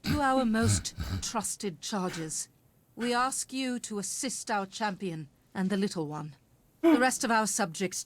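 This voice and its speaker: A woman's voice: mid-range voice, slight background noise, lightly acted. A woman voicing a regal queen of living corn who gives a grand, commanding speech.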